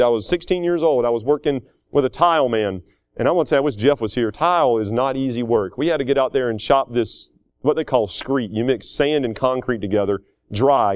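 A middle-aged man with a drawl preaches with homespun energy, laughing often and slipping into quoted voices. His voice sits a little high for a man. The sound is dry and close, with no room around it. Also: no echo. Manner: folksy, animated preaching with chuckles and acted-out quotes. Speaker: pastor. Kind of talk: sermon.

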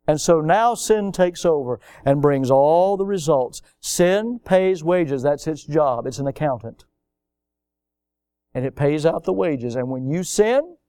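A pastor delivers an emphatic sermon in a high, smooth voice. He repeats his key phrases, swings from loud outbursts to hushed, low lines, and the sound is dry and close. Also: dry recording.

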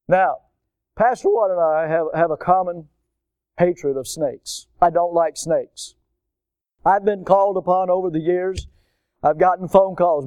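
A man's voice: high-pitched, a little slow, clean tone, no room sound. A man from Florida preaching a storytelling sermon, acting out the voices in his story. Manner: animated storyteller, acts out voices.

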